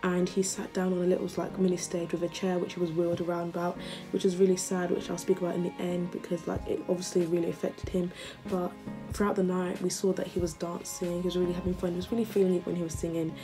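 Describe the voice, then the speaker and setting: A woman vlogger chatting casually and gushing like an excited fan. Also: on the low side, fast talker, over music. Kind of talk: casual chat.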